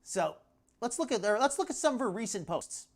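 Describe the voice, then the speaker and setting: A woman hosts a livestream of live commentary on social media clips, chatting loosely, laughing a lot and cutting herself off mid-sentence. Her voice is on the high side, sing-song and a little fast.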